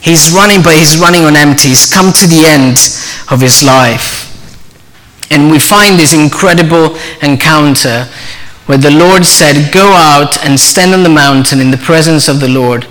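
A man preaching a sermon, telling a story earnestly and dropping to a soft voice for quoted speech. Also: a little high, unhurried. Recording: long hall reverb.

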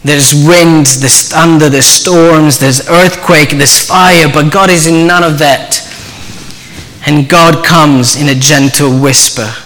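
A man preaching a sermon, telling a story earnestly and dropping to a soft voice for quoted speech. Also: a little high, fairly even intonation, takes it slowly. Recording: long hall reverb.

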